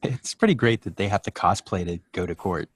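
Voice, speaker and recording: A man's voice: low-pitched, lively intonation, brisk, breathy edge, dry recording. A man co-hosting a casual podcast, joking around and riffing with friends. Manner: jokey, swings into loud mock accents. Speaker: podcast co-host. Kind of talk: casual chat.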